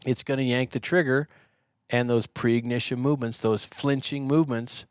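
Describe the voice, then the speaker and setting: A man guesting on a podcast, explaining in a casual, animated way and acting out the yelling of the people he quotes. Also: medium pitch, moderate pace, smooth, no room sound, studio quality. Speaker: podcast guest, shooting instructor. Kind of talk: conversational explaining. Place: podcast studio.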